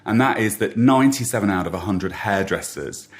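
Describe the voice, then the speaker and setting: A man with a very low voice hosts a podcast interview. He steers the talk with prompts and tag questions, in a relaxed and conversational way. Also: fairly quick. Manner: leading questions with tag endings. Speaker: podcast host. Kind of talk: casual interview chat.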